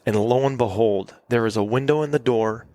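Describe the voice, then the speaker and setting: A man, a podcast guest, recounting a story in casual conversation, halting and restarting often and leaning on "like.". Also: medium pitch, warm tone, no room sound. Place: cabin.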